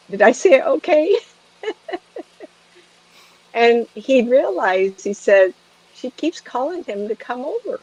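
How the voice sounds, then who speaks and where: A middle-aged woman psychic medium telling a story in a chatty way, laughing often and throwing in lively asides. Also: lowish voice, creaky, slightly rough, rough recording. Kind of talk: storytelling to a camera.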